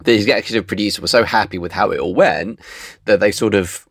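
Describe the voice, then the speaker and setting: A man's voice: lowish voice, quick pace, gravelly, fairly bright tone, slightly rough, dry recording, studio quality. A man co-hosting a casual podcast chat as a freelance writer, rambling with fillers and restarts.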